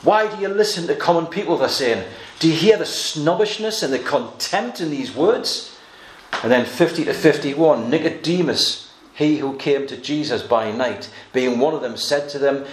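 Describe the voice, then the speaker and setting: In an echoey space with faint background noise, a man delivers a sermon that explains Bible passages verse by verse. He has a medium-pitched voice and a moderate pace, and he mixes in a bit of humor.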